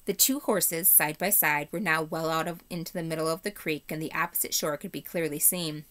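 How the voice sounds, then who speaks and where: A woman's voice: sits low, a little fast. Woman teacher reading a story aloud. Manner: expressive storybook narration. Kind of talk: reading a children's novel aloud.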